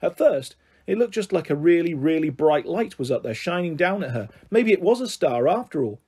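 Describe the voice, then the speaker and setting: A man reading a children's book aloud in a steady, expressive way. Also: a little high, moderate pace, breathy edge. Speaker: narrator.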